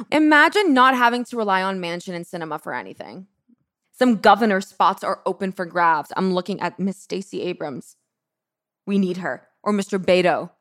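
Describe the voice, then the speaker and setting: A woman's voice: mid-range voice, a bit bright, no room sound, clean studio sound. A young woman in her twenties, a podcast host doing sassy, playful ad reads and a slangy monologue. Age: 20s.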